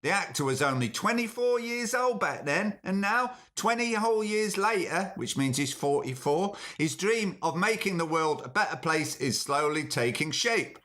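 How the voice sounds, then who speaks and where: A man hosting a comedy podcast, his voice bright and a touch high. He chats drily, jokes as he reads, and breaks off his own sentences. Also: expressive, normal speed, hardly any pauses. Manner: dry, chatty, jokey, self-interrupting. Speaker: podcast host. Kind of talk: comic monologue and phone bit.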